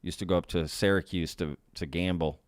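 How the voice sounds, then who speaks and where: An upbeat man hosting a casual live stream, greeting viewers and laughing easily. His voice sits fairly low and comes across smooth and clear. The sound is dry and close to the mic. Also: steady tone, brisk, dry recording. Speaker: podcast host reading live chat.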